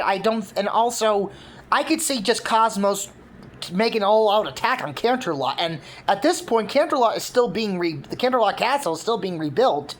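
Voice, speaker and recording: A woman casually laying out her fan concept for a cartoon, rambling with many fillers. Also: mid-range voice. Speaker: fan video creator.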